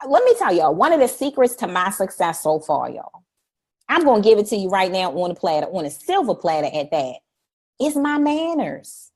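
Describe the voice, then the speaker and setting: A middle-aged woman hosting a live stream, talking in an energetic, preachy way, repeating "y'all" and acting out polite phrases. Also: mid-range voice, normal speed. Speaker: host. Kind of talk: energetic livestream talk.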